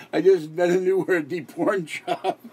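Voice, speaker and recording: Sleep-deprived and exhausted, a Pittsburgh-area man, older, runs a late-night live stream where he rambles, giggles, and keeps starting over. His husky voice sits high and sounds a little mellow.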